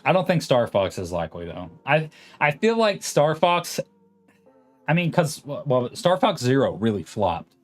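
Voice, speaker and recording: With faint music behind him, a late-20s streamer speaks a little slowly in a mid-range voice full of big pitch swings. He hosts casually, rambling on and reading out his viewers' comments.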